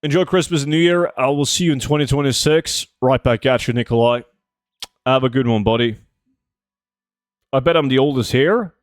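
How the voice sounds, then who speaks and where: A man's voice: mid-range voice, moderate pace, pauses often, dry recording. Guy in his 20s streaming, chatty, answers chat, dry close mic. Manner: chatty, reads chat questions aloud and answers them. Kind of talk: casual live-stream chat while gaming.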